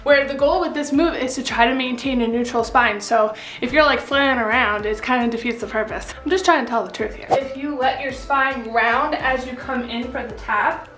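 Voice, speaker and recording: Demonstrating an exercise, a woman fitness vlogger talks casually while straining through the movement. She has a high voice and a moderate pace, barely pausing, and the room echoes with music in the background.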